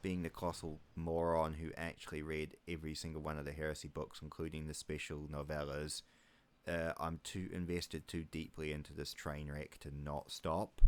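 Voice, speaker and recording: This New Zealand gaming YouTuber has a bass voice, recorded with a slight hiss or hum. In his casual let's-play commentary he rambles, tosses in wry asides, and mutters menu selections under his breath.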